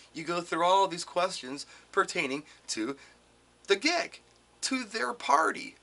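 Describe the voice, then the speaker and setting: A middle-aged man from Wisconsin, a DJ giving casual advice to other DJs and acting out callers in changing voices. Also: medium pitch. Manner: animated, acts out quoted callers in shifting voices.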